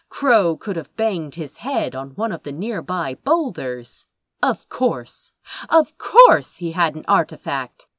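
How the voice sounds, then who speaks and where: A woman reads a fantasy story aloud with unhurried pacing and a lively, swooping melody. Her voice sits a little low and sounds dry and close, with no room echo. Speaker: narrator. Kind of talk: expressive audiobook narration.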